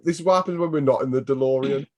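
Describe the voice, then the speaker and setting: A man's voice: mid-range voice, very fast, over a noisy crowd. A man co-hosting a wrestling review podcast, wry and teasing in casual chat. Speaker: podcast co-host.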